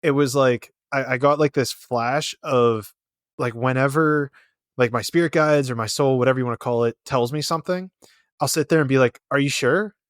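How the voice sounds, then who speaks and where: A man hosting a podcast interview, talking in a laid-back way and telling animated stories with casual swearing. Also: medium pitch, normal speed, clean tone, no echo, clean studio sound. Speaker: podcast host.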